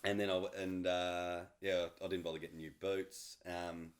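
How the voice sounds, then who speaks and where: A man from New Zealand, a podcast guest, telling a hunting story in casual chat, animated and often laughing. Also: sits low, moderate pace.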